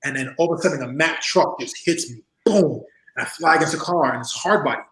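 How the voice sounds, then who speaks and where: A man's voice: fairly high pitch, fast. Man in his 40s spinning wild stories, does all the voices, laughs a lot, roomy echo. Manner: animated storyteller, acts out voices, laughs often. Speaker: interview guest, former wrestler. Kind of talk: casual storytelling interview.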